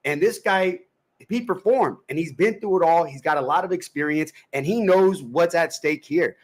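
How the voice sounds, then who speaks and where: Guy on a betting podcast rattling off numbers, kinda high voice, pumped and slangy. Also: normal speed. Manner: stat-heavy, emphatic, slangy. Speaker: sports betting podcast host. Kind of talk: casual betting breakdown.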